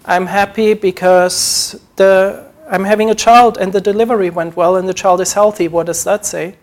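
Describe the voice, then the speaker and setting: A man preaching a sermon, earnest, acting out short quoted prayers as he teaches. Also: high voice.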